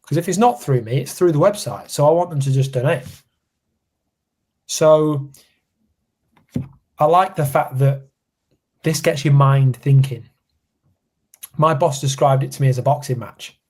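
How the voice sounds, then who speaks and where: A young man from England, co-hosting a podcast, telling stories in a casual, animated chat and acting out what people said. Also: fairly high pitch, unhurried, long pauses, breathy edge. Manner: animated storyteller, acts out quotes. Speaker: podcast co-host.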